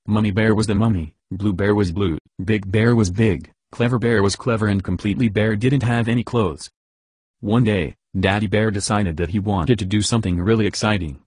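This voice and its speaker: A man reading a silly bedtime story in an even, deadpan way. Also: lowish voice, slightly rough, no room sound.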